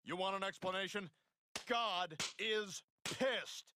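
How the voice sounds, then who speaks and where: An actor voicing a cynical adult male talking dog in a cartoon, with a dry, deadpan delivery. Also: high voice, slow pace, noisy background.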